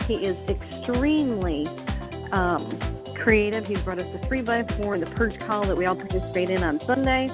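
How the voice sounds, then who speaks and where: A woman emceeing a conference call, introducing the next speaker in a warm, slightly halting way. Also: mid-range voice. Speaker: call MC introducing the guest host. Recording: music playing behind the voice.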